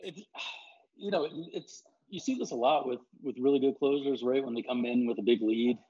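A man talking baseball as a reporter in a casual chat. He speaks haltingly, with many fillers and restarts. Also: medium pitch, warm tone, slightly rough, dull audio.

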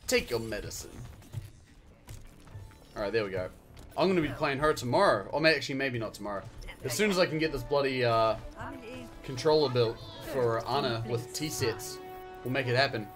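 Excitable New Zealand man streaming a game. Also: mid-range voice, fairly quick, faint music behind. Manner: excitable, chatty, swears, yells at the game. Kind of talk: casual live-stream gameplay chat.

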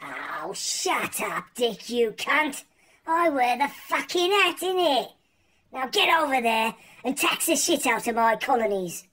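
A man's voice: very high-pitched, very animated, takes it slowly, bright, forceful tone, heavily acted, rough recording. A man playing a crude, bossy king. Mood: scornful. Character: swaggering rude English king, adult man.

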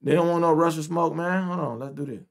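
A man ranting and reacting to news clips, loud and profane, repeating his points over and over. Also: fairly high pitch, fast talker, creaky. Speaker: commentator.

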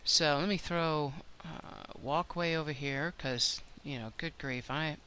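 A woman's voice: low voice, slow pace, sharp tone, slight background noise. Chatty older woman narrating gameplay. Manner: chatty, thinks aloud, self-deprecating. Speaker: let's play host. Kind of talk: gameplay commentary.

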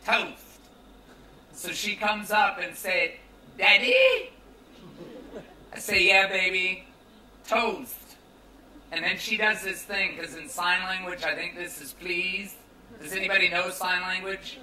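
A man's voice: sits high, steady tone, normal speed, sharp tone, reverberant, distant mic, slight background noise, low-quality recording. A young American man preaching a youth sermon in a casual, joking, conversational way. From United States. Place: large tent at a campground.

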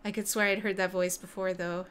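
A woman voicing a stern, tough male hero in a game, speaking low, terse and wary. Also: level tone, brisk, a little hiss or hum, natural voice.

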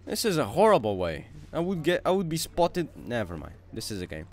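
A man, not a native English speaker, commenting excitedly while playing a video game and thinking aloud. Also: medium pitch, fairly quick. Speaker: gaming channel host. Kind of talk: let's-play commentary.

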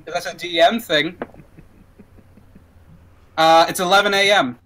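A man running a tabletop game as dungeon master, with a fairly high voice. He tells the story loosely, with plenty of fillers and restarts. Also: steady tone, slow, pushed and bright, slight background noise, poor audio.

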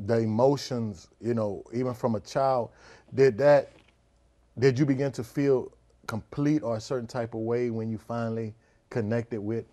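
A man hosting an interview, asking soft, encouraging questions. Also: mid-range voice, fairly even intonation, normal speed. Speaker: host.

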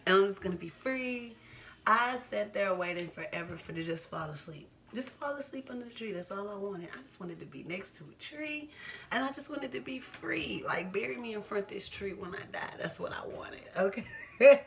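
A woman's voice: mid-range voice, normal speed, a bit bright. A woman in her twenties speaking candidly to camera as a vlogger, laughing often and repeating herself for emphasis. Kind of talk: casual personal talk to camera.

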